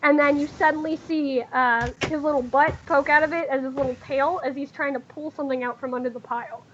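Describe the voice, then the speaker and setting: A woman narrating as game master in a tabletop game, talking haltingly with many fillers and restarts. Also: high-pitched, steady tone, dull audio, noisy background.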